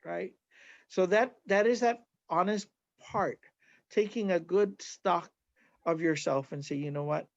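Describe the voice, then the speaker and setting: Earnest Hawaiian healer man, high voice. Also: slow, gravelly, dry recording, dull audio. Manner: earnest, repeats "right?" often. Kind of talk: conversational interview, teaching.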